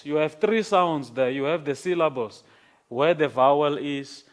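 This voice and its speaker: A man lecturing a class on grammar, speaking slowly and checking in with "okay?" after his points. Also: on the high side. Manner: slow, repeats words and checks in with "okay?".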